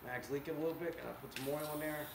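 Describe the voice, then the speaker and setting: Talking very fast in a fairly high, creaky voice with fairly even intonation, an American man tests air guns and jokes with viewers. It's a casual vlog in an indoor workshop, filmed from a distance. The space echoes, with background noise.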